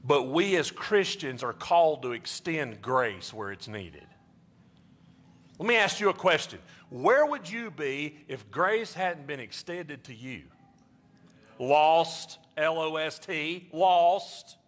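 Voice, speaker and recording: Pastor giving an animated sermon, bright, forceful male voice. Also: a little slow. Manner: animated, jumps high in pitch for emphasis.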